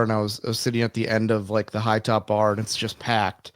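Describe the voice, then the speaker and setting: Profane early-thirties comedian telling stories. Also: male voice, on the low side, completely flat delivery, fast, dry recording, clean studio sound. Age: early 30s. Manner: rambling self-deprecating storyteller, swears freely. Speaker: podcast co-host and stand-up comedian. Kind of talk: casual podcast chat.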